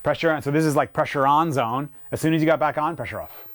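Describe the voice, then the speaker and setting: A male dog trainer giving a casual, hands-on lesson, explaining with quick asides and breaking off to praise the dog. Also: a little high. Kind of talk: casual instructional talk.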